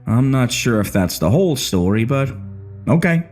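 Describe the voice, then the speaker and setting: A man's voice: medium pitch, big pitch swings, moderate pace, darkish tone, faint music behind, natural voice. A man voicing a bitter, sneering male gunman who taunts his hostages in a horror story narration. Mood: mocking. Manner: mocking, swaggering taunts.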